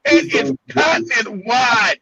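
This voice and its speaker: A man's voice: very high-pitched, slow pace, vocal fry, a loud crowd, poor audio. A man hosting a show, reacting to news clips with blunt, profane, mocking commentary and a lot of repetition. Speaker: host.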